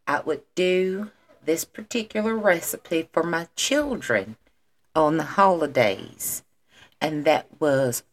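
A woman hosting a podcast in a casual, rambling monologue, slangy and playful with her emphasis. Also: low-pitched. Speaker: podcast host.

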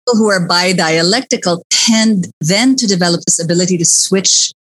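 A woman from the Philippines hosts a casual discussion in a lowish voice. She talks in a lively, chatty way and slips Filipino words into her English. The recording is close and dry, with no room sound. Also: fairly quick, dry recording. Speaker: podcast host.

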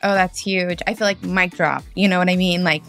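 A woman's voice: fairly low pitch, steady tone, a little fast, fairly bright tone, soft background music. A woman hosting a podcast, chatting in an enthusiastic, talkative way with many fillers. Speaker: podcast host. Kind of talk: casual interview chat.

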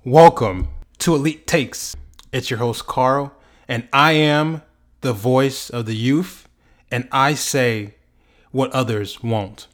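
Young man, sports show host, heated rant, drawn-out emphatic words, medium pitch. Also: steady tone, a bit bright. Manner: passionate, ranting, stretches words for emphasis. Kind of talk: emphatic sports commentary vlog.

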